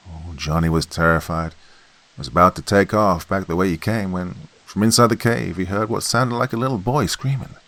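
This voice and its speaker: A man narrating a horror story in a folksy campfire manner, swinging between loud and hushed delivery. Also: low-pitched, moderate pace, no echo.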